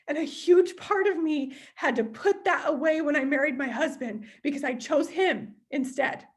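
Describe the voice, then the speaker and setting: A young woman leading a team meeting, chatty and open, acting out inner voices as she talks. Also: sits high. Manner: open and emotional. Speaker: sales team leader. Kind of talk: motivational team meeting talk.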